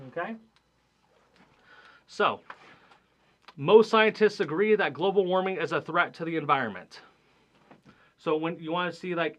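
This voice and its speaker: In a recorded classroom lecture, a young math instructor teaches casually and conversationally, sprinkling in "right?" and "okay?" between points. His voice is a little high and a bit bright.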